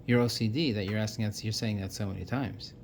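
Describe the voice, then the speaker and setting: A man with a somewhat low voice talks earnestly and casually. He lists his points one by one and often restarts his sentences. A faint low rumble sits under the recording. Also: fairly even intonation, quick pace. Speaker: self-help speaker. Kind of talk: casual explanatory monologue.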